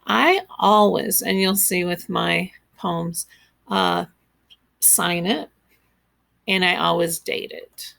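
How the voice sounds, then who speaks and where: A woman's voice: on the low side, slow, vocal fry, fairly bright tone. A woman teacher walking her students step by step through a class project in a screen-recorded tutorial, patient and instructive.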